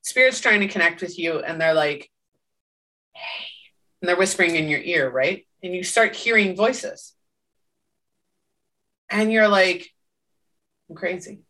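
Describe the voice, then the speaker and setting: Woman co-host, bright and emphatic, casual podcast talk, recorded a bit off-mic. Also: on the low side, lively intonation, moderate pace, recorded from a distance. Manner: emphatic, tags statements with "right?".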